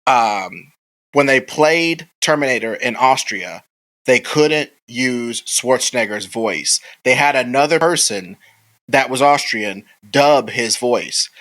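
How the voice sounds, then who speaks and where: A man's voice: medium pitch, sharp tone, rough recording. A man co-hosting a podcast in casual, rambling chat, swearing freely and acting out movie quotes. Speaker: podcast co-host.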